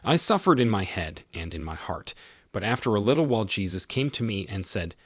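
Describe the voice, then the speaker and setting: A man's voice: on the low side, big pitch swings, fairly quick, no room sound, clean studio sound. A man reading a devout young woman's letters. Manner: solemn first-person letter reading. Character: young Italian woman mystic, devout and suffering.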